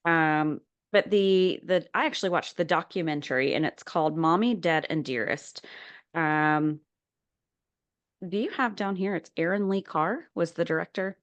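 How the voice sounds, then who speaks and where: A woman's voice: fairly low pitch, normal speed, no room sound, muffled recording. A woman co-hosting a podcast in casual chat, hesitant with many ums and restarts. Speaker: podcast co-host.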